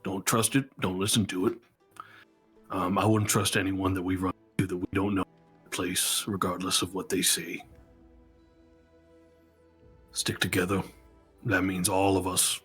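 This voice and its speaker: A man's voice: sits low, little pitch movement, normal speed, fairly bright tone, husky, faint music behind. A man playing a tabletop game who gives firm, instructive warnings in character. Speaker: tabletop player.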